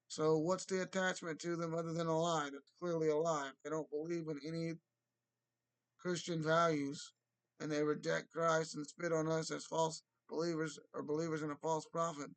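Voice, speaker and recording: A man with a somewhat high-pitched voice delivers rambling solo commentary. He trips over his words and restarts often. Now and then he bursts into loud, mocking impressions.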